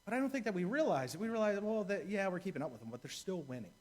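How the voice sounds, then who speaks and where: A man's voice: high voice, very animated, very fast, a little mellow. A man, a deacon, preaching a sermon in a church, telling a story and repeating key phrases for emphasis.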